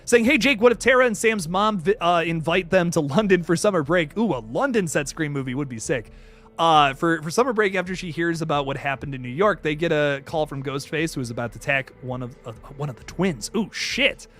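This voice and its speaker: An excitable young man chats through a casual live stream, reading out viewer comments. His somewhat high voice swings widely in pitch as he talks. Faint music plays quietly behind him. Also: a little fast. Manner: excitable and animated, swearing casually. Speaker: YouTube channel host.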